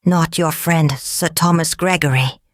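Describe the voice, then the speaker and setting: A woman voicing an eager, excitable male earl in a storybook. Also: sits low, unhurried, no room sound, studio quality.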